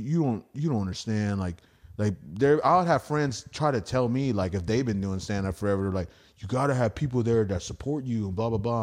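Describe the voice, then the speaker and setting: A man's voice: fairly low pitch, a little mellow. A man hosting a casual podcast, telling stand-up stories in a rambling, profane way and acting out quotes. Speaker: podcast host and stand-up comic. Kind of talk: casual storytelling chat.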